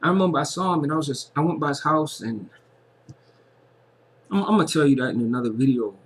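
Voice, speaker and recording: A man's voice: fairly high pitch, quick pace. A man giving an earnest, casual personal monologue as a vlogger, and he repeats phrases for emphasis.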